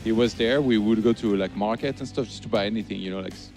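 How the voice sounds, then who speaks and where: A man's voice: lowish voice, fast, darkish tone, faint music behind. A man, an esports commentator, chatting casually, teasing and laughing often. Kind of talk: casual chat.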